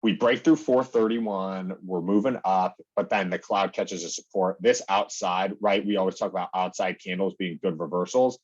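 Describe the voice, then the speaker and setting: A young day trading educator casually walks through the charts on his screen, chatty and full of "like" and "okay," acting out his own reactions. His voice is low-pitched and slightly rough, with fairly even intonation, a moderate pace, and hardly any pauses, in lo-fi sound.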